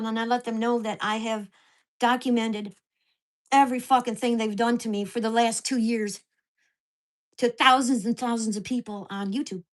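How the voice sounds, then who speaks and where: A woman's voice: fairly high pitch, steady tone, normal speed. A woman vlogger at home, venting angrily and swearing about her neighbors. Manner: ranting, profane, indignant. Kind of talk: angry venting vlog.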